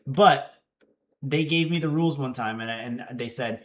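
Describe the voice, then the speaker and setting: A young man in his twenties chats casually with his stream audience. His voice is bright and a bit tense, and he tells his stories with animation, acting out the quotes. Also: medium pitch, normal speed. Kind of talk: casual livestream chat.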